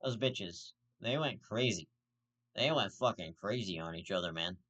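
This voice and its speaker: In a lowish, somewhat bright, expressive voice at normal speed, this vlog host delivers profane ranting commentary. He gets heated, swears a lot, and keeps restarting.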